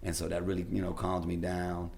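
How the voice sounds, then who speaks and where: A man's voice: low voice, brisk, gravelly, a little hiss or hum. A man who works as a radio DJ, telling stories casually as a podcast guest and acting out the people in them. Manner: animated, acts out the people in his stories. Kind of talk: casual storytelling.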